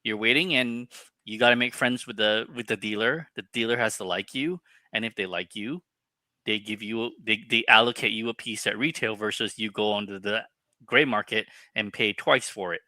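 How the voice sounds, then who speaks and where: A man's voice: lowish voice, moderate pace, pushed and bright, no echo. A man co-hosting a casual collectibles podcast, ranting with heated, profane opinions. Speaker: podcast co-host. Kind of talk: casual chat.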